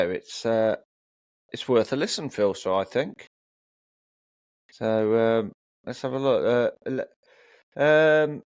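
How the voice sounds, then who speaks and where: A man's voice: fairly low pitch, a little mellow, no room sound. A man co-hosting a casual chat about records, reading album blurbs aloud with frequent ums and restarts. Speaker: co-host.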